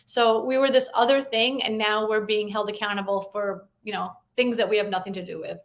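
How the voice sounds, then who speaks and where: A woman's voice: mid-range voice, steady tone, brisk. A woman in her forties, originally from Russia, answers interview questions with a mid-range voice. She speaks earnestly and conversationally, with everyday fillers. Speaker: guest, columnist.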